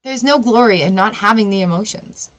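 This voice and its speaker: A woman's voice: mid-range voice, a little fast. A woman giving a casual live-stream tarot reading, chatty and blunt and swearing freely. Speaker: tarot reader.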